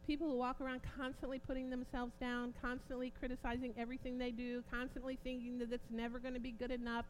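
A woman preaching an informal sermon, growing impassioned and forceful at points. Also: high-pitched, level tone, fast talker, few pauses, a little hiss or hum. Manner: impassioned, rising to near-shouting emphasis.

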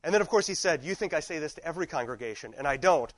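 A man's voice: a little high, expressive, rapid-fire, poor audio. Chatty man telling rambling stories. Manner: rambling, anecdotal, self-interrupting. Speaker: teacher. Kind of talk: casual classroom talk.

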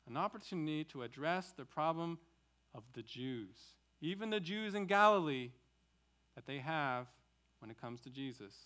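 A man's voice: fairly high pitch, fairly bright tone. A male pastor preaching an expository sermon, asking rhetorical questions and repeating key words for emphasis.

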